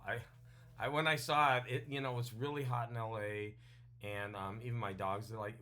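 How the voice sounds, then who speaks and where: A man hosting a casual home vlog, rambling and chatty, quick to laugh at himself. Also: medium pitch, sharp tone. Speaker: vlogger reviewing books and puzzles. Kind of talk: casual weekly vlog chat. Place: home room with his dog nearby.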